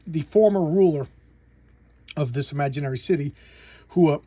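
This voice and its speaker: A man's voice: a little high, normal speed, warm tone, no echo. A man casually recapping a comic book plot, rambling with many restarts and repeated words.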